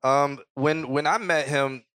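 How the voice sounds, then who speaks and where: A man co-hosting a casual music review podcast, joking and relaxed, breaking now and then into loud impressions. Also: on the high side, slow, smooth, no echo. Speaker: podcast co-host. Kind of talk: casual chat.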